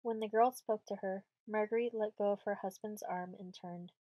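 A woman reading a storybook audiobook aloud in a measured, steady way, close to the mic. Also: medium pitch, dry recording, low-quality recording. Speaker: audiobook reader.

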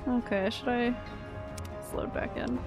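A woman's voice: on the high side, steady tone, measured pace, over music. A young woman streaming a video game, chatting casually and rambling, swearing freely and poking fun at herself. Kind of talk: casual gameplay commentary.

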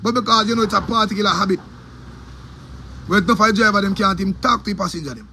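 A man's voice: high-pitched, fast, pushed and bright, a little hiss or hum. A man with a Jamaican accent, a DJ delivering an angry, profane, repetitive rant about his opinions. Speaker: DJ giving opinions.

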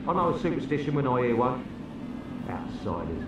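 A man's voice: mid-range voice, very animated, a little fast, dull audio, lightly acted. An actor voices a bitter old Cockney man who sneers at outsiders in a video game. The sound is cavernous and far from the mic, with noise behind him. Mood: scornful. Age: older. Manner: sneering, dismissive. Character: bigoted suspicious old man, scornful of outsiders. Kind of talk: game voice acting.

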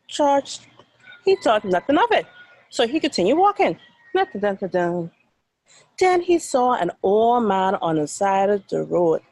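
A woman's voice: a little high, a little mellow, no room sound, low-quality recording. A Bahamian woman, a teacher, telling a dramatic story to children with sound effects and then asking questions.

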